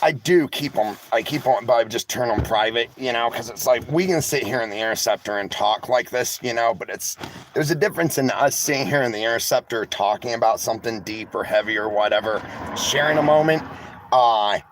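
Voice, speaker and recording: A man's voice: medium pitch, a little fast, slight background noise. A tired, emotional man talks to his viewers in a candid, rambling way, sarcastic and swearing freely, from inside a vehicle. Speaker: vlogger. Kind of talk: casual talk to viewers, reading live chat.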